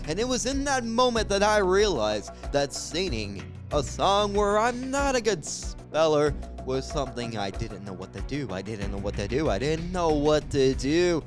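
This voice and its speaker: A man's voice: a little high, big pitch swings, normal speed, hardly any pauses, music in the background. A young man improvising a stand-up story, jumping between voices for each character. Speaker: stand-up comedian.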